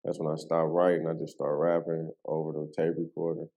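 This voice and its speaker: Deep-voiced man telling a street story. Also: fairly quick, vocal fry, dull audio. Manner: loose street slang, frequent "you know what I'm saying"; animated, voice rises sharply when reliving the moment. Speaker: podcast guest. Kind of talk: casual storytelling.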